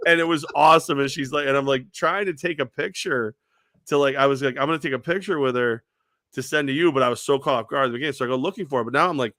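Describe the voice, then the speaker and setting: A man's voice: mid-range voice, fast talker, no room sound, studio quality. A man co-hosting a sports talk show, telling stories animatedly and acting out what people said. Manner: animated storyteller who acts out quoted voices.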